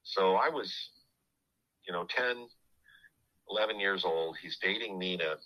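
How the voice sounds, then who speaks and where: A middle-aged man hosting a podcast, telling a family story in a halting, casual way full of restarts. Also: deep voice, highs cut off.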